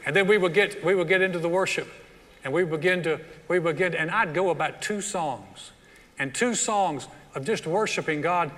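A middle-aged pastor preaching with a bright, ringing voice that sits a little high for a man. He acts out his listeners' doubts and prayers in little voices as he goes. The sound carries a long reverb through a large church hall. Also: normal speed. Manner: animated preaching that acts out quoted voices of the congregation. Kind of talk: sermon.

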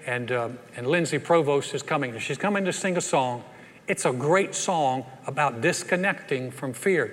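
A man's voice: on the high side, a bit bright. An older man preaching a sermon, emphatic with playful asides, in a large church. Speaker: pastor. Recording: echoey hall sound.

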